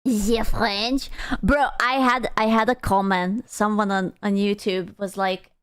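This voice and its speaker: A woman's voice: medium pitch, steady tone, slow, clear, resonant tone. A young woman streaming, chatting casually and playfully, teasing and swearing often. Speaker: VTuber streamer. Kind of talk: casual livestream chat.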